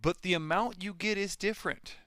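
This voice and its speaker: Brief: man, co-host with dry wisecracks, bright edge to the voice, dry recording. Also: high-pitched, brisk, no echo. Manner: dry, wry quips. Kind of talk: casual banter during a live stream.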